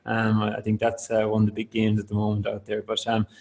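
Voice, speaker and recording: A man presenting a software tool in a webinar, talking loosely with many fillers and restarts. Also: fairly low pitch, completely flat delivery, fast talker, vocal fry, low-quality recording. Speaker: product presenter. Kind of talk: webinar talk.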